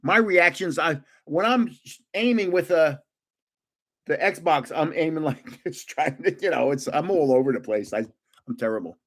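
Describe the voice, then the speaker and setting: A man's voice: fairly high pitch, moderate pace. A man in his seventies casually telling gaming stories on a livestream, laughing often as he goes. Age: 70s. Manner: animated, laughs often, restarts. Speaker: livestream host. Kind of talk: casual storytelling.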